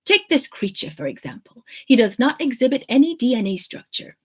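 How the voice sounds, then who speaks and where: A woman reading the lines of a calm, precise male android officer. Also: fairly high pitch, fairly quick, breathy edge. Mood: matter-of-fact.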